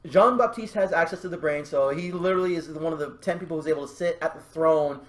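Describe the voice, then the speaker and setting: A man hosting a casual podcast chat, telling a story in an animated way with lots of laughter and quick put-on voices. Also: fairly high pitch, echoey room. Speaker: podcast host.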